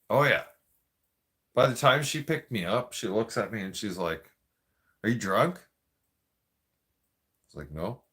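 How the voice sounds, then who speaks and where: A man's voice: lowish voice, fairly bright tone. A man telling a profane, rambling story in a casual rant. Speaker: vlogger.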